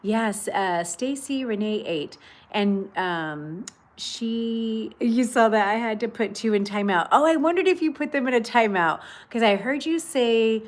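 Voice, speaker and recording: A fairly high-pitched woman's voice, measured in pace, belongs to a livestream host broadcasting casually from her outdoor patio at home. She chats, reads viewer comments aloud, offers warm greetings, and uses lots of fillers.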